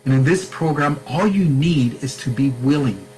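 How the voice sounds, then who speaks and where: A man's voice: medium pitch, lively intonation, normal speed, over music, low-quality recording. A man speaking earnestly to camera as a sobriety coach, stressing his points with repetition and addressing the viewer directly.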